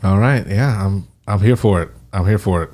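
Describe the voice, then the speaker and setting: A man co-hosting a podcast, mostly chiming in with short, relaxed agreement in casual movie chat. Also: fairly low pitch, moderate pace. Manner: laid-back, short agreeing interjections. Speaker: podcast co-host.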